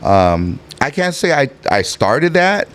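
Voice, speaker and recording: A man's voice: medium pitch, sing-song, takes it slowly, a bit bright. A man in his fifties from the Los Angeles harbor area, telling stories as a podcast guest in a rambling, laid-back way. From Los Angeles harbor area, California. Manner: rambling, laid-back, many fillers and restarts. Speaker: guest, rapper. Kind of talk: casual storytelling interview.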